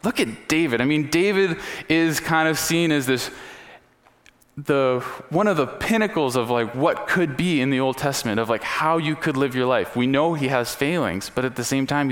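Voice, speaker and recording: A man's voice: medium pitch, a bit bright. A man preaching a sermon and leading a prayer, talking in a conversational, earnest way with frequent fillers and restarts. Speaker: pastor. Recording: long reverb of a hall.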